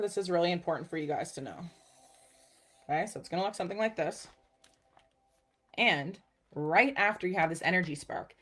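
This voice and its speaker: A young adult woman with a notably low voice talks straight to her viewers like a personal growth coach. She keeps it casual and upbeat, checking in with "okay" and "guys" as she teaches. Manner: upbeat, chatty, says "okay" and "guys" a lot.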